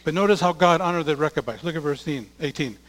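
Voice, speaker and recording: A man preaching a sermon as a pastor, reading scripture aloud and swinging between loud declarations and hushed asides. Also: fairly high pitch, a little fast. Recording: long hall reverb.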